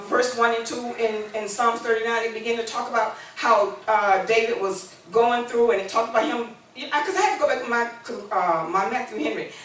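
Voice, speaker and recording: A woman in her sixties preaches in a conversational way that rises to emphatic declarations, her voice pitched a touch high. She is caught from some distance in a very echoey church room. A faint hum of ambience sits underneath. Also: fairly bright tone. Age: 60s. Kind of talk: sermon with call-and-response.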